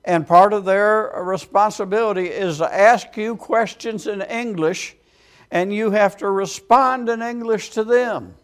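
A man's voice: high-pitched, a little slow, clear, resonant tone. A man preaching a sermon as a storytelling testimony, with frequent amens and quoted voices acted out.

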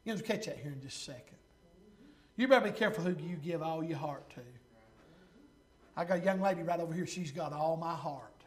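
A man preaching a sermon, reading scripture slowly and stopping for fervent, folksy asides that swing from loud to hushed. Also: a little high. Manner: reads scripture slowly and deliberately.

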